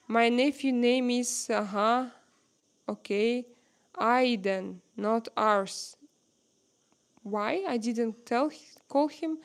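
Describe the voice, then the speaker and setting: A young woman with a Russian accent, a native Russian speaker hosting a casual livestream, reading viewer comments aloud in halting English full of fillers. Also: on the high side, clean tone. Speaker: livestream host.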